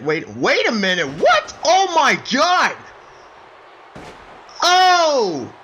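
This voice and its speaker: A man doing excited play-by-play wrestling commentary, breaking into shouts of surprise and calling his listeners folks. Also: extremely high pitch. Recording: dull lo-fi recording with faint noise.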